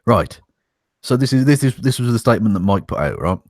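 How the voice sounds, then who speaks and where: A man's voice: mid-range voice, expressive, a little fast, no echo, clean studio sound. A man co-hosting a casual podcast, reading a statement aloud with wry, sarcastic asides and swearing. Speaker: podcast co-host.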